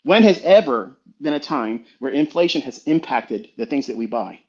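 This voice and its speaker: A man's voice: mid-range voice, expressive, moderate pace, a little mellow. A man, a trading mentor, giving an emphatic, preachy, profane motivational talk on a live audio stream. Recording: dull lo-fi online stream audio.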